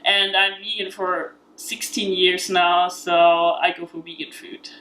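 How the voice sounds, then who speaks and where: A woman with an Austrian accent walks through a recipe at an unhurried, easy pace. Her voice is bright and forward, and she keeps a chatty, laughing manner with plenty of fillers. It sounds like a casual cooking demonstration at home. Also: fairly low pitch, flat delivery, low-quality recording.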